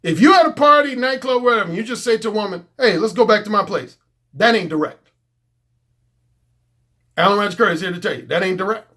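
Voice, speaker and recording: A man's voice: sits high, expressive, brisk, long pauses, pushed and bright. A middle-aged man, a dating coach, talking bluntly and profanely in a casual unscripted monologue.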